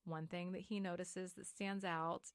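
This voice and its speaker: A woman's voice: fairly low pitch, level tone, unhurried, clear, resonant tone, no room sound, studio quality. A woman co-hosting a podcast, retelling a book in casual chat with lots of "like" and frequent swearing. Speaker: podcast co-host.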